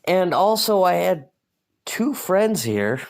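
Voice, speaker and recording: A man's voice: high voice, sing-song, slow, creaky. A man hosting a podcast alone, ranting casually in a profane, self-mocking way. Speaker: podcast host. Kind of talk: casual rambling monologue.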